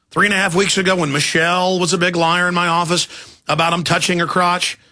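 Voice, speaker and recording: A man's voice: sits high, sharp tone. A man hosting a talk radio show, delivering an emphatic, indignant monologue. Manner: emphatic, rapid-fire, indignant.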